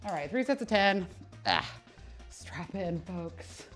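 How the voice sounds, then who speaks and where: Soft music sits under this fairly low-pitched woman, who takes her time speaking. As a personal trainer exercising on a live stream, she's animated and casual, swearing, laughing often, and making fun of herself.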